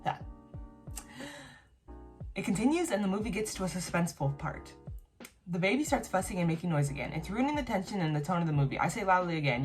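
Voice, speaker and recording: A woman's voice: fairly low pitch, big pitch swings, a little fast, pauses often, soft background music. A woman reading posts aloud and reacting to them in casual commentary, bluntly and with plenty of swearing. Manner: blunt, swears freely, laughs and reacts between read lines. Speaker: YouTuber reacting to online posts.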